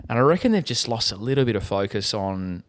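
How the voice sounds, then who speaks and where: A man's voice: lowish voice, fast. An Australian man co-hosting a casual cycling podcast, chatty and rambling with fillers. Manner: relaxed, chatty, trails off with fillers. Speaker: podcast co-host. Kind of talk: casual chat.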